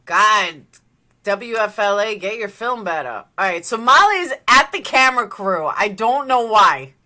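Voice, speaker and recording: A woman's voice: medium pitch, expressive, a little slow, pushed and bright. A woman hosting a livestream, chatting loosely as she reacts to a live news feed. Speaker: livestream host. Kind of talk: casual live commentary.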